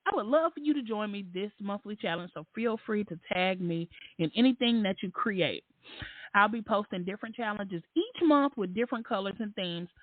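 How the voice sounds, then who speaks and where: A woman voicing a chirpy, country-voiced woman who posts planner challenges, speaking in a bright sing-song twang. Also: mid-range voice, expressive, normal speed, no room sound, lightly acted. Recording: dry, tinny phone-like line.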